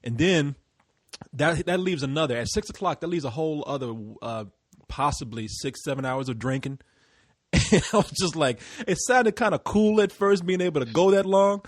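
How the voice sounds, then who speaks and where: A young man from Texas tells a rambling, profanity-laced story on a casual podcast, often breaking into laughter. His voice sits high and has a husky, grainy edge. The sound is dry and close, with no room around it. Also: normal speed, no room sound. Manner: rambling, profane anecdote-telling with frequent laughter. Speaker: podcast co-host. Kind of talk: casual chat.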